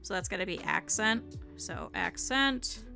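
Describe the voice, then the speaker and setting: A woman's voice: medium pitch, lively intonation, a little slow, creaky, bright, forceful tone, faint music behind. A young woman streamer chatting casually with her viewers while she sketches a sewing pattern, thinking aloud as she goes. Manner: thinking aloud, addressing chat. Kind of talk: casual live-stream chat while crafting.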